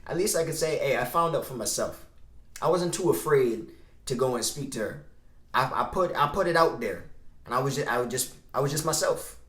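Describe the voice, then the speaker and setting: A man's voice: mid-range voice, animated, fairly quick, a bit bright. Casual male vlogger in a roomy space. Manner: conversational, acts out both sides of dialogues. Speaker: vlogger giving dating advice. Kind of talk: casual storytelling to camera. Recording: roomy echo.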